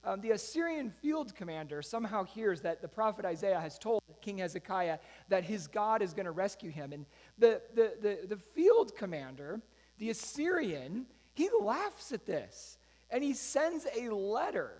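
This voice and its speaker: A pastor with a high-sitting, sing-song, slightly mellow voice preaches at normal speed in a church sanctuary. He retells a scripture story loosely and conversationally, with frequent asides. The recording carries the long reverb of a church hall.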